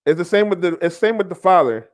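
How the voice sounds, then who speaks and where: A man's voice: sits high, lively intonation, fast talker. A man hosting a reaction commentary, blunt and mocking, often laughing at what he reads. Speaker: podcast host.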